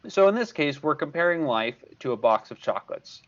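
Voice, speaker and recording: Patient older man teaching, lively pitch. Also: fairly quick, dull audio. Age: 60s. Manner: patient, repeats key points. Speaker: math tutor. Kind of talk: recorded video lesson.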